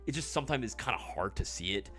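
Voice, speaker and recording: A man's voice: lowish voice, expressive, fast talker, fairly bright tone, soft background music. A man hosting a casual livestream giveaway, joking and swearing, talking back to the live chat. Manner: swears loosely; mock ASMR murmur. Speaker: livestream host.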